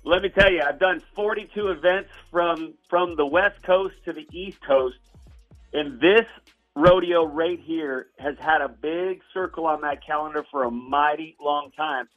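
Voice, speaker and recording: A man's voice: a little high, unhurried, faint music behind. A man calling in by phone, a rodeo announcer, talking like a hyped-up showman. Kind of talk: phone interview. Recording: dull phone-line audio.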